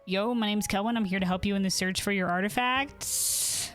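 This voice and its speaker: A woman's voice: medium pitch, normal speed, fairly bright tone, faint music behind, natural voice. A woman voicing a casual, friendly young adventurer in an offhand tone while reading game dialogue aloud. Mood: breezy.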